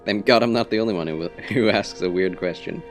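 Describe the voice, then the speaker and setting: A man streaming a video game, chatting casually with viewers in a polite, formal, gentlemanly way. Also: on the low side, a little fast, faint music behind.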